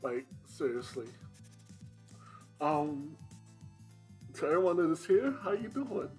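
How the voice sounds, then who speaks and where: Slow-talking, relaxed speedrunner man. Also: high voice, soft background music. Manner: slow, relaxed, chatty with many fillers. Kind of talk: casual livestream chat.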